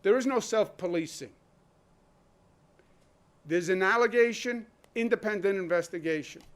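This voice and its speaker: In a press room, a state governor speaks to the public at normal speed in a fairly high voice. He argues emphatically and keeps posing rhetorical questions.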